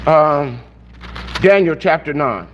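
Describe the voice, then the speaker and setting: High-voiced pastor preaching slowly. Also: male voice, expressive, dull audio, a little hiss or hum. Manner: conversational, restarts and repeats phrases. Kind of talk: sermon.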